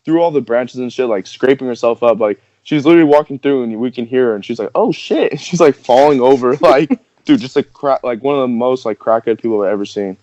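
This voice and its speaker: A man's voice: mid-range voice, fast, few pauses, dark tone, no echo. Young man, casual podcast storyteller, rambling with fillers, muffled, dry recording. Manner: rambling, filler-heavy, laughing through the story. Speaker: podcast host. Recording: dull, dry podcast audio.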